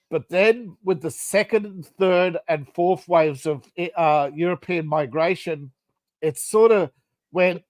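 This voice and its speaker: A man's voice: fairly high pitch, dry recording. A man with an Australian accent, co-hosting a podcast in casual chat, blunt and chatty, laughing often. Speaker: podcast co-host.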